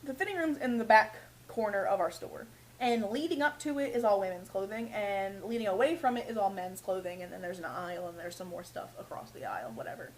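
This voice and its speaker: A woman's voice: mid-range voice, fairly quick, a little hiss or hum, rough recording. A young woman who works in retail, ranting casually and with swearing about customers, often mimicking them. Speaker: retail worker. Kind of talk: casual vlog rant.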